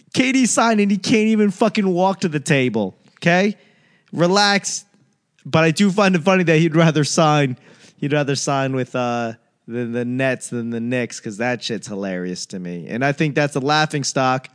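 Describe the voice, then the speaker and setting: A man hosting a casual solo talk show, ranting on tangents with profanity and sarcastic mimicry. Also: a little high. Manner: rambling tangents. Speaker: solo podcast host.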